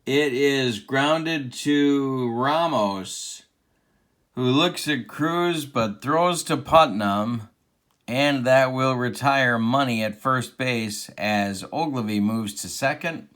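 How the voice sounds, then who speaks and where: A man's voice: mid-range voice, takes it slowly, fairly bright tone. A man doing play-by-play commentary of a tabletop baseball game replay, with an announcer cadence and open rooting for his team. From Central Illinois.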